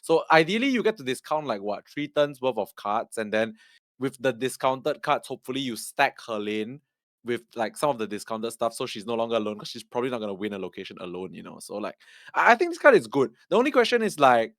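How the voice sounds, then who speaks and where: A man co-hosting a gaming podcast, talking quickly and hedging with lots of "like". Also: medium pitch, big pitch swings, a bit bright, no room sound, clean studio sound. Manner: fast, hedging, lots of "like" and restarts. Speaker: podcast co-host. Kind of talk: casual gaming podcast chat.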